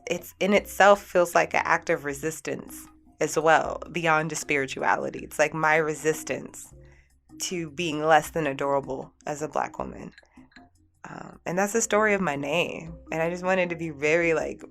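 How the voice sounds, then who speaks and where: Low, gravelly-voiced woman telling her story. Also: fairly bright tone. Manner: heartfelt, earnest, repetitive phrasing. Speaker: radio show host. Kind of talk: personal storytelling on a spiritual talk show.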